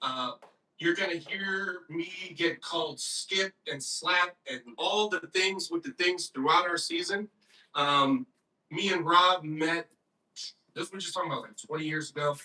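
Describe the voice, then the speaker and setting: A man co-hosting a casual podcast who swears freely and slips into loud rants. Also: on the high side, far from the mic. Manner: loud, swearing, quick to rant. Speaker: podcast co-host. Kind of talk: casual profane chat.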